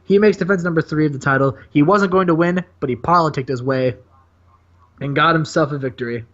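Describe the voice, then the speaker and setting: A man playing a bright-voiced excitable podcast host. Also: on the high side, highs cut off. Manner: excitable, laughs often, hurried run-on recaps. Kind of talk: casual chat recapping a wrestling sim.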